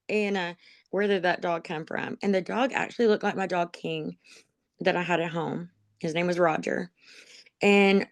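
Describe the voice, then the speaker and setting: A woman's voice: on the low side, dry recording. A woman being interviewed, telling her own life story in a rambling, emotional way with many ums and laughs at herself. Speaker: interviewee, dog program graduate. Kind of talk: personal testimony, conversational storytelling.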